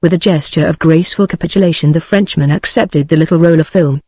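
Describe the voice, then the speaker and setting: A text-to-speech woman's voice with a British English accent reading a novel aloud in an even, synthetic way, sometimes voicing the punctuation. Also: fairly low pitch, brisk, hardly any pauses, dry recording. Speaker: audiobook narrator.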